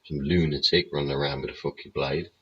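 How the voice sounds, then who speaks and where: A man with a very deep, rough, husky voice rants bluntly through a show, swearing constantly and sneering with sarcasm. The sound is muffled and lo-fi, like a cheap stream mic. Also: fairly even intonation, fast. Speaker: show host. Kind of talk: ranting livestream commentary. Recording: dull lo-fi audio.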